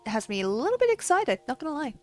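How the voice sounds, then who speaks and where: A woman's voice: high voice, very animated, quick pace, darkish tone, soft background music. A woman streamer chatting casually with viewers while playing a game, laughing often and swearing freely. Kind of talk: casual livestream chat.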